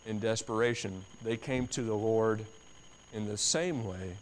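A man preaching a sermon in an emphatic way, repeating phrases for stress and swinging from quiet to loud. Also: on the low side, measured pace, slight background noise. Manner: builds from quiet to loud, dramatic.

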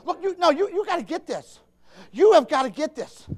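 A man's voice: extremely high pitch, big pitch swings, moderate pace. A man preaching a fervent sermon, emphatic and impassioned, stammering into restarts and calling out to his listeners. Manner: impassioned, emphatic, swings between hushed and shouting, calls out to listeners.

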